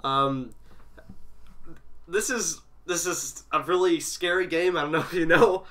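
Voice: medium pitch, a little slow, fairly bright tone. A gamer giving let's-play commentary on a horror game, jumpy and panicky, who repeats words when scared and swears and pleads at the screen.

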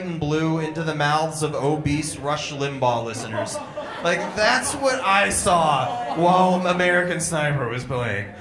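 A man's voice: fairly high pitch, animated, a little slow, a bit bright, echoey room. A young man performing a crude, irreverent stand-up comedy set, mocking and blunt. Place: comedy club stage.

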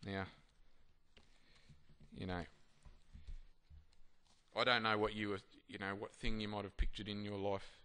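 A man with a slightly low-pitched voice preaches a sermon. He moves between reading scripture aloud and talking it over in an unpolished, conversational way. He often stops to restart a thought. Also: little pitch movement, unhurried, long pauses, pushed and bright, smooth. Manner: conversational and hesitant, many fillers and restarts. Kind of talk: sermon with Bible reading and casual reflection.

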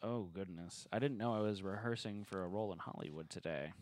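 A man's voice: low voice, brisk, a little mellow, slight background noise. A man reading the narration at a tabletop game table read and joking with the other players.

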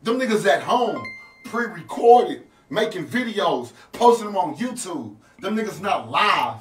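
A man streaming a video game live, talking loudly and brashly to his viewers with profane trash talk. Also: high voice, big pitch swings, measured pace, soft background music. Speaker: livestreaming video game player. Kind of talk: hyped livestream talk to viewers. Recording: echoey room, far from the mic.

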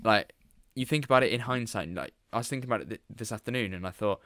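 Deep-ish british guy hosting a podcast, laughs a lot, dry room sound. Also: quick pace, bright, forceful tone, no room sound. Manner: chatty, laughs often, trailing restarts. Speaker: podcast host. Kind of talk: casual chat.

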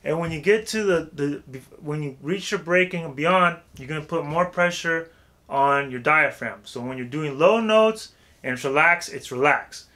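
A man giving a casual vocal warm-up tutorial, talking loosely with lots of filler phrases. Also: fairly high pitch, normal speed. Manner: loose and chatty, heavy with "like" and "you know what I'm saying".

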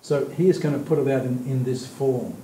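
Aussie guy teaching bible study, mellow voice, lots of uh and restarts, echoey room w a faint rumble. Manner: thoughtful, halting, with many fillers and restarts; slows down to stress key words of the text. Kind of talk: teaching, explaining scripture.

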